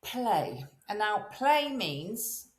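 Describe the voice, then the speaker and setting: Woman, lively animated pitch, echoey room, interview guest, acts out the voices she quotes. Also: drawn-out words. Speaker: guest, voice and presence coach. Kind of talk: casual interview chat.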